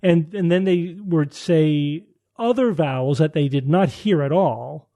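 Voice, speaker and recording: Male podcast host; mellow, slightly high voice, conversational, leads the panel chat. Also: measured pace. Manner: thinks aloud, frequent restarts and rhetorical questions. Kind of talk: casual panel discussion.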